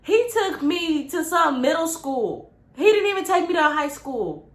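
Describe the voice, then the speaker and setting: A young woman vlogger telling a casual, animated story with lots of slang. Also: high voice, normal speed. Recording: roomy with faint ambience.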